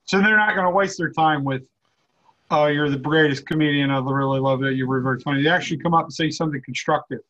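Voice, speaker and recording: A podcast host talking with a guest in casual chat, in an easygoing, agreeable way. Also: male voice, fairly high pitch, fast, a bit bright, lo-fi sound.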